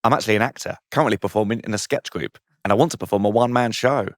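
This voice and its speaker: A man's voice: fairly low pitch, very fast, no echo, studio quality. A man, a comedian, reading out his saucy comic story with a playful manner, often laughing at his own jokes.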